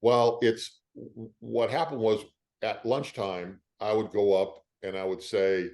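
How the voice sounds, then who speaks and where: An older man, an actor, being interviewed and telling animated stories about his career, acting out what other people said. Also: fairly low pitch, takes it slowly. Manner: animated storyteller who acts out the quoted lines of others. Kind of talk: casual interview storytelling.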